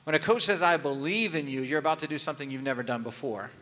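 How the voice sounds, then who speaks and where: A man's voice: on the high side, quick pace, sharp tone. A man preaching a sermon as a pastor, telling a personal story in a candid, conversational way with touches of humor. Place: church sanctuary. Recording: long hall reverb.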